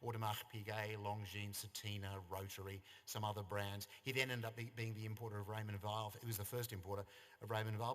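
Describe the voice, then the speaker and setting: A man's voice: lowish voice, a bit bright. Australian man giving a wry eulogy. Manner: wry, anecdotal storytelling. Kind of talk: funeral eulogy. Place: funeral service venue. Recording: long reverb of a service hall.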